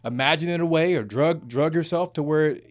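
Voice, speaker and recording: A man's voice: fairly high pitch, fairly quick. A man hosting a studio podcast, responding reflectively and agreeably and often restarting his sentences. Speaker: podcast host. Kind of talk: casual studio conversation.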